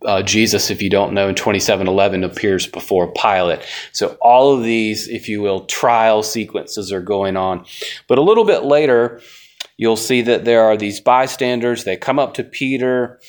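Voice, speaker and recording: A man's voice: fairly low pitch, normal speed. A man teaching a conversational Bible lesson, folksy and asking his class rhetorical questions.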